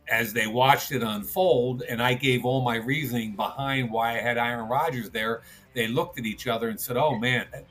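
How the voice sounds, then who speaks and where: A man working as a draft analyst, telling an energetic anecdote in an interview. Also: medium pitch, rough recording. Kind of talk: storytelling in an interview.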